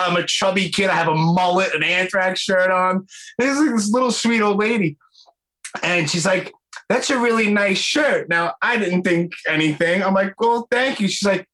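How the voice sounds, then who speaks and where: A man, hosting a podcast and telling animated stories in casual chat, swearing now and then. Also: high voice, poor audio. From New York. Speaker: podcast host.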